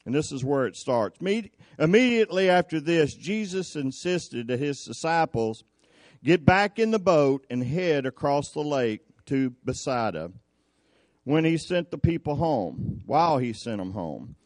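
This cowboy-church preacher's voice sits on the high side, swinging widely in pitch at an unhurried pace, recorded without echo. In his folksy, drawling sermon, he tells scripture as a story and plays out its characters.

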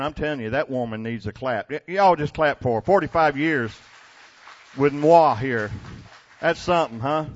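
A pastor preaches in church before his congregation, folksy and storytelling, often laughing and restarting his words. His voice is medium-pitched, and the recording has its highs cut off.

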